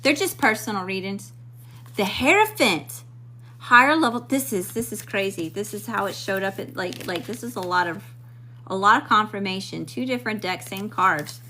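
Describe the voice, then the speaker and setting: A woman's voice: medium pitch, lively intonation, normal speed, sharp tone, slight background noise. A woman giving a live-stream tarot reading, chatting casually and greeting viewers in the chat as she draws cards. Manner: talks to spirit while drawing cards. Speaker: tarot card reader.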